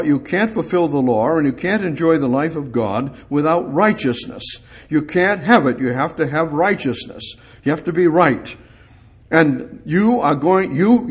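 A man's voice: a little high, breathy edge. A man preaching a sermon, speaking in the voices of the people in the passage and building to emphatic, rising peaks.

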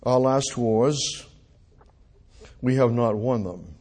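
An older man preaching a rambling, animated sermon full of rhetorical questions to a congregation. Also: medium pitch, slow pace, breathy edge.

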